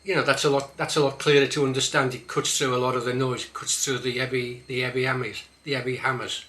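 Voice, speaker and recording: An older man with a Black Country accent, teaching dialect words in a casual vlog and repeating them slowly to show how they sound. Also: medium pitch, level tone, fairly bright tone.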